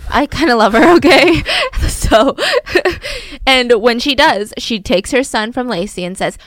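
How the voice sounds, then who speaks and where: A woman casually telling a true-crime story to a co-host, chatty and animated, with frequent asides. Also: a little high, moderate pace, no room sound.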